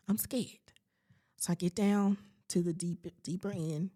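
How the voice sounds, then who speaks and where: A woman's voice: mid-range voice, lively intonation, normal speed, dark tone. A woman in her late forties hosting a podcast, telling a personal story with faith-filled asides and acting out her own reactions. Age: late 40s. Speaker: podcast host.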